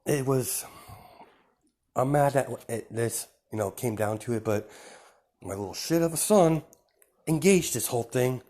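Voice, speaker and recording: Guy doing a fiery blunt mom, scolding, voice pushed higher and louder. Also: steady tone, unhurried, pauses often, natural voice. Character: stern fiery mother, middle-aged woman.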